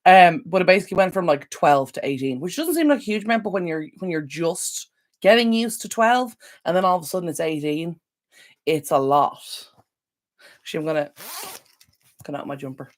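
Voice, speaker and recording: An Irish woman with a notably deep, low voice talks casually on a live stream. She rambles, fills pauses and warmly answers her viewers' comments. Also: expressive. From Ireland. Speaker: decluttering channel host.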